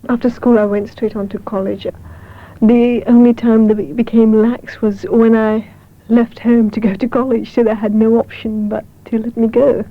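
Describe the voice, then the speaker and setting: Woman in her twenties, higher voice but pretty flat, matter of fact, tinny phone-ish sound. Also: moderate pace. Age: 20s. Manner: even, matter-of-fact, light laughs. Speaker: interviewee. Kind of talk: casual personal account. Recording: thin phone-like 1970s radio recording.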